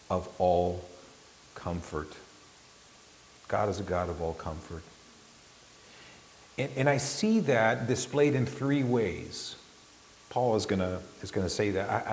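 A man preaching a sermon at an unhurried pace in a lowish voice, swinging between quiet, hushed stretches and sudden loud, high bursts. He often repeats a word as he restarts a phrase. The sound carries a long hall reverb and a faint hiss. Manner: impassioned preaching with big swings in pitch and loudness.

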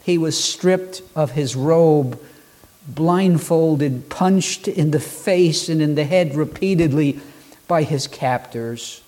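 A man preaching a sermon, building rhythmic lists and pausing for dramatic effect. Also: a little high, dark tone. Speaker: pastor.

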